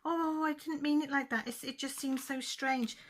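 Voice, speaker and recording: A flustered woman nurse, backtracking and apologising, as a woman vlogger quotes her. The voice sits a little higher than the speaker's own. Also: steady tone, moderate pace, a little hiss or hum, natural voice. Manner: quoted in a retold story.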